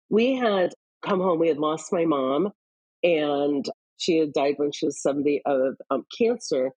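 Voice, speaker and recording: A woman from Iowa, a guest, telling personal stories candidly in an interview, quick bursts between slower pauses. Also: lowish voice, warm tone, slightly rough, dry recording, poor audio. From Iowa, US Midwest. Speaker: guest, leadership author.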